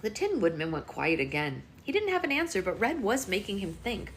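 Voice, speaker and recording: Relaxed woman host reading a story aloud live on her phone, with playful baby talk. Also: medium pitch, fairly quick, a little hiss or hum.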